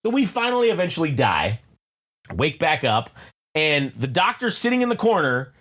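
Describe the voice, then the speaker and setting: A man's voice: on the high side, huge pitch swings, normal speed, fairly bright tone. A man co-hosting a podcast, telling a long absurd story in casual, profane chat. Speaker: podcast co-host.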